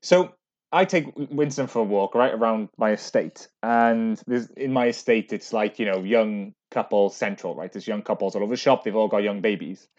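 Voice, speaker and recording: A man's voice: on the low side, moderate pace, a little mellow, muffled recording. A man, hosting a casual podcast chat, asking curious questions and checking in with "right?". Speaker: podcast host.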